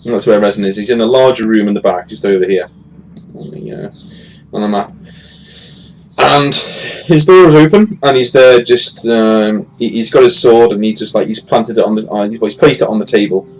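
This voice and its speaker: A man's voice: lowish voice, moderate pace, poor audio. A man running a tabletop game as game master, narrating with frequent hesitations and fillers. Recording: faint ambient noise.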